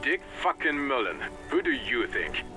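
Man voicing a swearing, fed-up cop in a game, mid-pitched. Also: sing-song, normal speed, music in the background, lightly acted. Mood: exasperated. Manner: profane and exasperated. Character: foul-mouthed male police officer in the background.

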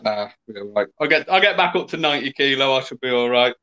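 A man's voice: mid-range voice, expressive, fast, sharp tone. A man who boxes, talking in a plain, laid-back way in a casual chat. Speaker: boxer. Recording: dull lo-fi sound.

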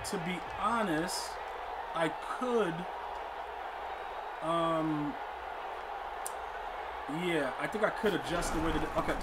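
A man's voice: a little high, slow, long pauses, very noisy. A young man streaming a football video game, rambling in casual commentary, laughing a lot and repeating catchphrases. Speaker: gaming streamer. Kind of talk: casual live gameplay commentary.

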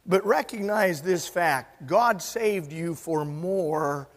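A pastor in his sixties delivers an emphatic sermon in a high voice. He swings between loud declarations and quiet asides, and the words ring out with long reverb in a church sanctuary. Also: slow. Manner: emphatic preaching, loud and soft by turns.

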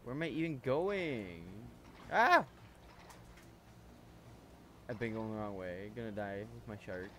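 Man, low voice, let's play commentary, frustrated, cursing at the game, faint room hum. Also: fairly quick, hardly any pauses, darkish tone. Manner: frustrated, heavy swearing, talking to himself. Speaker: gaming channel host.

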